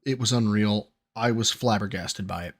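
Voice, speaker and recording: A man's voice: on the low side, moderate pace. A man hosting a reaction stream, commenting in an exasperated way and swearing often. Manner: exasperated and heavily profane. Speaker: stream host reacting to a video.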